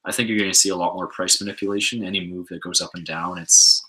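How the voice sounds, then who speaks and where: A man with a very low voice and a bright, forward tone chats on a home livestream. He answers viewer questions in a relaxed way, often restarting his sentences. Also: quick pace, low-quality recording. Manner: laid-back, rambling with restarts. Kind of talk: casual livestream chat.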